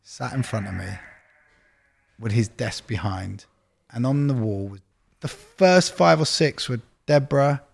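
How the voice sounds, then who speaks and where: A man with a gravelly, fry-edged voice at a middle pitch, chatting in a relaxed sit-down conversation. He tells quick stories and acts out the dialogue inside them. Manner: storytelling, quick anecdotes with quoted dialogue. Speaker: record label executive.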